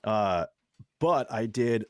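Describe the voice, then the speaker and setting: Rambling, laughing young man with a low voice. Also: animated, slow, a little mellow, no room sound. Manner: rambling, swears a lot, laughs often. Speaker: podcast co-host. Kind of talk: casual chat.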